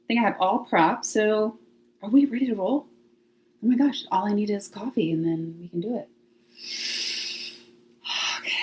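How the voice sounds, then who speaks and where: A woman's voice: medium pitch, a little hiss or hum. A woman hosting a casual livestream from her home, chatting to viewers and thinking aloud with frequent laughs. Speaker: livestream host. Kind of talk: casual live chat to viewers. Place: home, near laundry closet.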